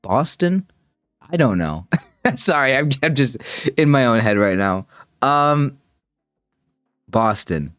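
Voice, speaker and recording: Lively, rambling young-sounding man streamer. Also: mid-range voice, measured pace, clear, resonant tone, no echo, studio quality. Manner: rambling, self-correcting, laughs at himself. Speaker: streamer reacting to a puzzle video. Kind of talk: casual thinking-aloud commentary.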